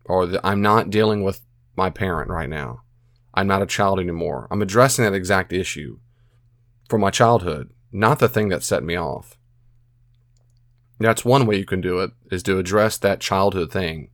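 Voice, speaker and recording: A man's voice: low voice, moderate pace, fairly bright tone, no room sound, studio quality. A man giving earnest, casual advice as a podcast host, repeating phrases and acting out his own self-talk. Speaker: podcast host answering a listener.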